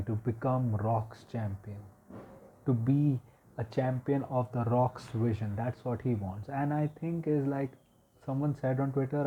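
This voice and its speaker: A man talks through a wrestling review in a loose, rambling monologue, piling on fillers and acting out what others said. His voice is husky and mid-pitched, and the recording sounds dull and lo-fi. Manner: rambling, filler-heavy, animated retelling.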